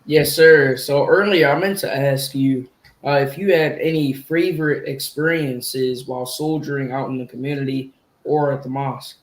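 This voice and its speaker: A man hosting an interview and asking questions in a polite, measured way. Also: mid-range voice, fairly even intonation. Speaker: podcast host. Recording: roomy echo.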